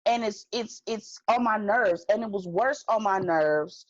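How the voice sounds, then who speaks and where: A woman's voice: mid-range voice, unhurried, dry recording, highs cut off. Slangy, emphatic woman podcaster. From California. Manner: emphatic, slangy, advice-giving. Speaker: podcast co-host. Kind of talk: casual recap chat.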